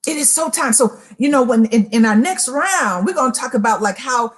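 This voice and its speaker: A woman's voice: a little high, animated, moderate pace. A woman giving a preaching-style motivational talk, emphatic and repeating phrases as she addresses listeners directly. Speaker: motivational speaker.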